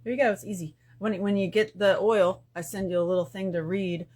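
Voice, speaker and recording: A woman hosts a casual spiritual live stream from her phone. She talks in lively swings, going from loud outbursts to hushed asides, and she curses freely as she goes. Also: medium pitch, a little fast. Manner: animated, swings between loud bursts and hushed asides, profane.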